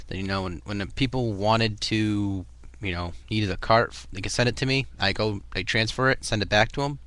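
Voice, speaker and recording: A man's voice: fairly low pitch, sharp tone. A young man with a Boston accent, chatting casually in a rambling vlog full of fillers and restarts. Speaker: vlogger.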